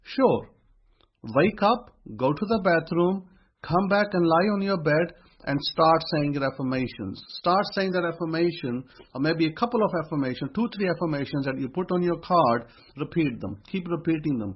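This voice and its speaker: A man's voice: fairly high pitch, expressive, normal speed, slightly rough, muffled recording. A man giving a motivational talk, counting off points and often repeating his phrases. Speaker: speaker teaching affirmations. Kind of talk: motivational teaching monologue.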